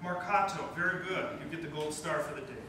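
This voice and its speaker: A man's voice: fairly high pitch, brisk. A man, questioning and encouraging as he teaches a wind band in rehearsal. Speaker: band clinician. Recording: echoey rehearsal room from far off.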